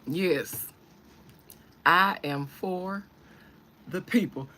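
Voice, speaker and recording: A woman imitating a self-satisfied campaigning politician, speaking slowly and pompously in a lowered voice. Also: pushed and bright, slight background noise, full character voice. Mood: smug. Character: smug campaigning politician, adult.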